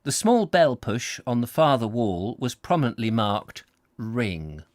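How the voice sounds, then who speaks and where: A man reading a story aloud at home, relaxed and unpolished, who often trips over words and corrects himself. His pitch moves a lot through each sentence, and the sound is dry and close with no room in it. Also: normal speed, dry recording. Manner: stumbles, laughs and apologizes often. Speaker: audiobook reader. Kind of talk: casual read-aloud story narration.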